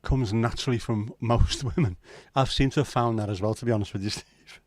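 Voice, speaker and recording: A man hosts a casual livestream, ribbing his viewers with easygoing, teasing humor. His voice sits at an ordinary middle pitch. The sound is close and dry, with no room echo. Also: fairly quick. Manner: joking, teasing banter with viewers. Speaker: livestream host.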